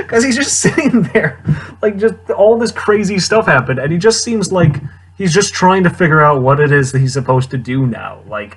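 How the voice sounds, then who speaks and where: Young man reviewing a film, husky, slightly breathy tone, loose and wry delivery with frequent chuckles. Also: fairly high pitch, sing-song, normal speed, fairly bright tone. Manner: rambling, wry, chuckling often. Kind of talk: casual movie commentary.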